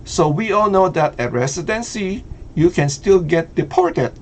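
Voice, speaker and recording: A man's voice: high-pitched, expressive, unhurried, darkish tone, slight background noise. Filipino-accented man, hesitant casual commentary. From Philippines. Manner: hesitant, many fillers, laughs easily. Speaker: vlogger.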